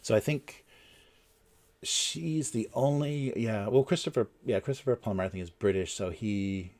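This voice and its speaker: A man's voice: lowish voice, moderate pace, a little mellow. A man hosting a casual livestream, talking in a rambling way with many fillers and restarts. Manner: chuckles between points. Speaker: livestream host.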